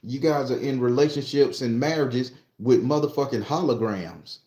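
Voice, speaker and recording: A man working as a tarot reader and spiritualist, lecturing his followers in a swearing, preachy style that keeps breaking into jokes. His voice sits at an ordinary pitch for a man. The room around him gives a roomy echo. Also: moderate pace, warm tone. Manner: profane, preachy, joking asides. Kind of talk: casual monologue to followers.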